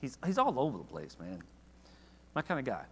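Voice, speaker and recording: A man's voice: mid-range voice, a little fast, big-room sound, slight background noise. A man leading a church Bible study in a casual, conversational way, often asking the class questions. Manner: conversational, asks the class questions, animated when reading verses.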